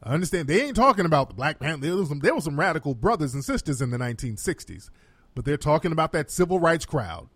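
A man's voice: fairly high pitch, very animated, quick pace, fairly bright tone, slightly rough, no room sound. Emphatic man reacting to a clip. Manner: emphatic, preachy, addresses viewers directly. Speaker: political commentator.

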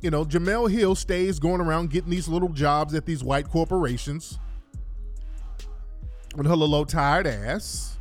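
A man's voice: fairly high pitch, normal speed, soft background music. A man delivering a blunt, profane ranting monologue, repeating his points for emphasis. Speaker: commentator.

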